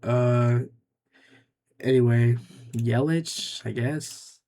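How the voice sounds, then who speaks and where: A man's voice: medium pitch, fairly even intonation, drawn-out words, dark tone. A young man giving casual gameplay commentary, muttering offhand, dry remarks to himself as he makes picks. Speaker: gaming YouTuber.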